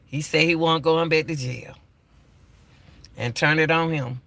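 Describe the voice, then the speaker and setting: Older male host, gravelly and bright-toned, emphatic casual commentary. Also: a little high, steady tone, a little slow, no room sound. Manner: emphatic, repeats himself. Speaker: YouTube commentator.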